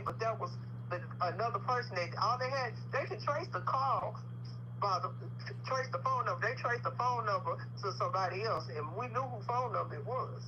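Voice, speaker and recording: A woman chatting casually on a livestream, telling a long story in a firm, insistent way. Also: on the high side. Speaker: livestream co-host. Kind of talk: casual chat. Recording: dull lo-fi sound with clear noise.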